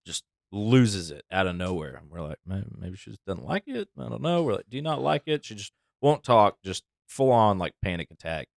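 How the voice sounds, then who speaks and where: A man's voice: on the low side, big pitch swings, moderate pace, creaky, hardly any pauses, dry recording, studio quality. A man hosting a casual podcast, telling stories in an easygoing way and laughing often. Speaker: podcast host, firefighter. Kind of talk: casual chat.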